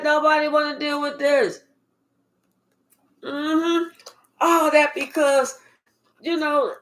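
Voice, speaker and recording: Woman tarot reader, slow profane drawl, somewhat high voice, unhurried live reading.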